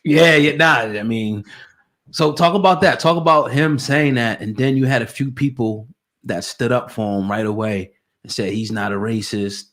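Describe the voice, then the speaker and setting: A man's voice: medium pitch, moderate pace, fairly bright tone. Male podcast host asking questions. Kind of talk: casual interview.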